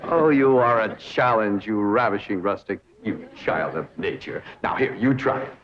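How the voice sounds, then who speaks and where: A man's voice: on the low side, moderate pace, muffled recording, natural voice. An actor playing a pompous, theatrical young rich man who talks in a grandiose, affected, overenunciated way, on a hissy 1960s TV soundtrack. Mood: coaching.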